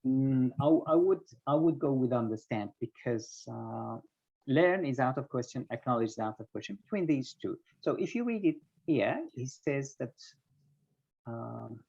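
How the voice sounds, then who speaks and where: A man's voice: medium pitch, expressive, normal speed, gravelly, darkish tone, dull audio. A man teaching an online English class, patiently quizzing students by name and explaining word pairings, heard over a video call.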